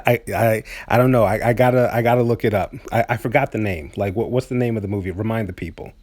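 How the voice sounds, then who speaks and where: Podcast host guy, lowish voice, dry close sound, laughs a lot, lots of uhs. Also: a little mellow, dry recording. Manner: laughs often, halting with many fillers. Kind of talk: casual chat.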